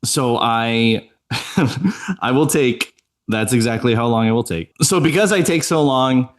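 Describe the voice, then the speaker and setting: A man's voice: mid-range voice, a little slow. A man co-hosting a podcast, telling a chatty story and laughing often. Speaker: podcast co-host. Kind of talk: casual chat.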